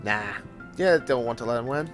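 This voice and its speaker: Animated man grumbling through gameplay. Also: mid-range voice, moderate pace, music in the background. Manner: exasperated, theatrical grumbling and mock insults. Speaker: gameplay commentator. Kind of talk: casual gameplay commentary.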